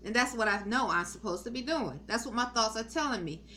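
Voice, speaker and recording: A middle-aged woman speaks earnestly about spiritual matters in a rambling testimony, circling back with frequent ums and restarts. Her voice sits fairly high and sounds bright and sharp. A faint hiss of noise lies underneath. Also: animated, fairly quick. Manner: meandering, many ums and restarts.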